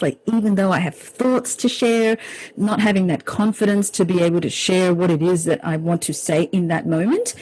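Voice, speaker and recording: A woman's voice: on the low side, darkish tone, poor audio. A woman with an Australian accent, a public speaking coach talking enthusiastically as an interview guest. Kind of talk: casual interview talk.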